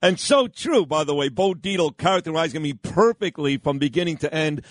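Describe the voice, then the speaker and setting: Upbeat New radio host, dry studio. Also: male voice, a little high, expressive, normal speed, no room sound. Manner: upbeat, effusive, announcer-like. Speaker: radio talk show host. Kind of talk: morning talk radio.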